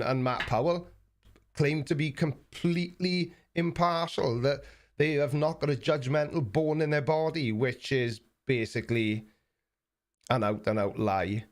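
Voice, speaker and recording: A South Welsh man chats through a live stream at a middling pitch, halting and repeating his words as he goes. His tone is blunt and mocking, in a loose, unscripted flow. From South Wales. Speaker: YouTube live stream host. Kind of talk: casual live stream chat reading viewer messages.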